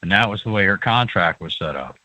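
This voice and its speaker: A man's voice: deep voice, animated, fairly quick, bright, forceful tone, no echo, poor audio. A man who is a guest on a radio talk show, explaining in a lecturing way and often checking in with "okay".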